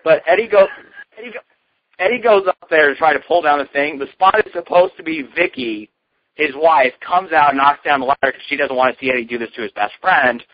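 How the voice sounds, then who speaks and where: A man's voice: fairly high pitch, brisk, no room sound. A man co-hosting a casual wrestling talk show, telling profane, jokey stories. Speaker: podcast co-host. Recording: dull lo-fi dry sound.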